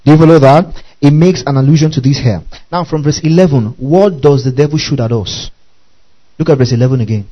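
A man's voice: a little high, fairly quick, mellow, low-quality recording. Emphatic male preacher quizzing his congregation. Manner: emphatic, questions the congregation often, spells Greek words, laughs. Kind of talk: sermon.

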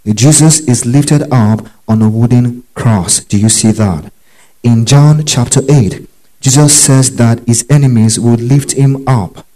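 A man delivers a Bible teaching in a sermon style, working methodically through passages. His voice is warm and mellow, never bright. He often stops to have listeners underline words and asks whether they follow. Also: mid-range voice, rough recording. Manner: checks understanding with quick questions. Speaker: preacher.

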